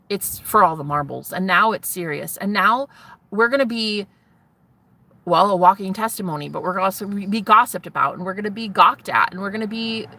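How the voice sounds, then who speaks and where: This vlogger's voice is medium in pitch with a sharp tone. Addressing viewers in a casual spiritual vlog monologue, she rambles emotionally, speaks candidly with profanity, and often breaks off to restart her sentences.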